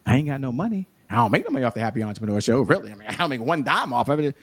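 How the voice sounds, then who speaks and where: Animated motivational man telling stories. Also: medium pitch, rapid-fire, husky. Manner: animated storyteller, preachy encouragement. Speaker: guest, show host and sales coach. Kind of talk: motivational interview talk.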